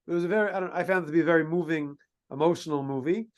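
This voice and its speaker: A man, a rabbi, telling a story in a sermon, halting with many restarts and using Hebrew and Yiddish terms. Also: on the high side. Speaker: rabbi giving a talk.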